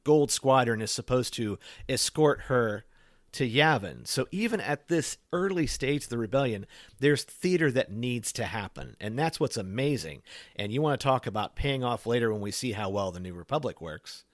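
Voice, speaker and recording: A man's voice: mid-range voice, animated, moderate pace, dry recording, studio quality. A man hosting a podcast in casual chat, talking in loose, rambling sentences full of "you know" fillers. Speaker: podcast host.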